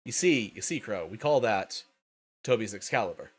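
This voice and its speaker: A man's voice: on the low side, lively intonation, normal speed, slightly rough. A man hosting a casual livestream, sleepy and tired, swearing often and laughing a lot. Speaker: livestream host.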